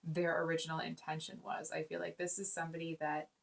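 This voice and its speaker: A woman's voice: low-pitched, little pitch movement, quick pace, creaky. A woman giving a casual spoken tarot reading, earnest and rambling, with many fillers and restarts. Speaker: tarot reader.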